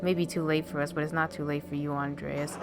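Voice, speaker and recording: A woman reading the lines of a tender lost loved one in a dream in a story game, quietly, over game music. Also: sits low, level tone, a little fast, voice pushed down.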